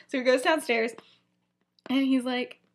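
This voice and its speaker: A young woman co-hosting a podcast retells a fan's story in a rambling way, filling it with "like" and "you know" and acting out the characters' lines. Her voice is high-pitched and a little slow.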